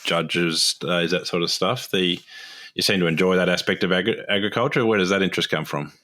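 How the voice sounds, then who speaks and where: A man's voice: sits low, steady tone, fairly quick, pushed and bright. A man hosting a casual interview, asking easygoing questions. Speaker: podcast host.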